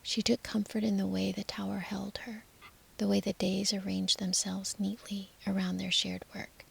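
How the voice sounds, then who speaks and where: Female storyteller, whispered sleep-story narration; hushed, soothing, heavy fry and breath in the voice. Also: medium pitch, little pitch movement, normal speed.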